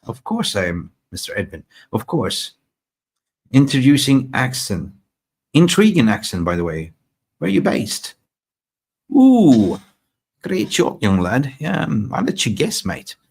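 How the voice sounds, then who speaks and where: Man from Sweden, fan stream host, chatty, excitable, live chat style. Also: medium pitch, a little slow, vocal fry, husky. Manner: excitable, chatty, reads comments aloud. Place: in Thailand.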